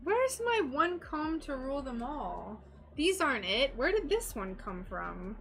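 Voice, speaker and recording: A woman's voice: sits high, sing-song, measured pace, gravelly, fairly bright tone. A woman chatting casually with her live-stream audience while crafting, giggly and talking to her pet. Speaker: stained glass streamer.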